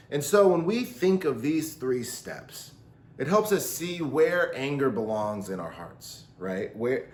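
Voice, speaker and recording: A man in a medium-pitched voice gives a youth Bible lesson with plenty of energy, often dropping into voices for the quotes he acts out. The sound carries a roomy echo, as if recorded in an open room.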